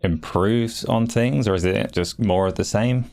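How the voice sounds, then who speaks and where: A man hosting a casual gaming podcast, putting measured follow-up questions to a co-host. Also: lowish voice, creaky, a little mellow.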